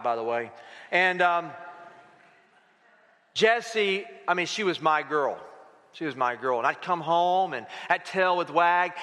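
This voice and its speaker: High-voiced man preaching in a big hall. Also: bright, forceful tone. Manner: conversational preaching with rhetorical questions. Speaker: pastor. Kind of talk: sermon. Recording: reverberant hall.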